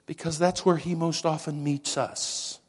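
A male pastor delivering a Christmas-season sermon at an unhurried pace, his voice sitting a little higher than most men's. He swells for emphasis, then sinks to hushed, whispered lines. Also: flat delivery, slightly rough. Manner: slow, dramatic preaching with hushed whispered moments.

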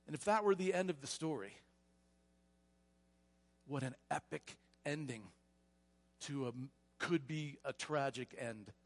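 Animated pastor telling a story. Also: male voice, on the high side, a little slow, pauses often, in a large hall. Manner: animated retelling, frequent repetitions. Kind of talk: storytelling sermon. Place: church sanctuary.

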